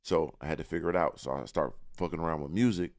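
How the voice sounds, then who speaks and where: A man's voice: rumbling low, quick pace, gravelly. A man in a casual podcast interview, talking about himself with confidence and often repeating words as he searches for the next one. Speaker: guest.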